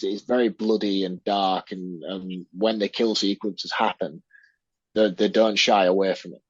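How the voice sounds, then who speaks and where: A man's voice: fairly low pitch, breathy edge, no room sound, muffled recording. A man co-hosting a podcast, chatting about a horror film and jumping into exaggerated, outraged quotes. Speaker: podcast co-host. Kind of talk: casual film review chat.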